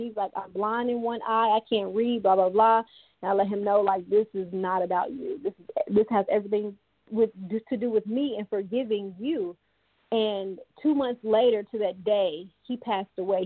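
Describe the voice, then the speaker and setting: A woman's voice: mid-range voice, no room sound. Woman guest on a tinny phone line. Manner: halting, many fillers and restarts. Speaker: author and guest. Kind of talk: radio interview.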